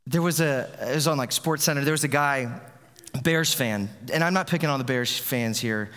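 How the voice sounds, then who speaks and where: A man's voice: medium pitch, moderate pace, fairly bright tone. A man preaching a sermon as a pastor, in a conversational way with frequent restarts. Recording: long reverb of a large hall.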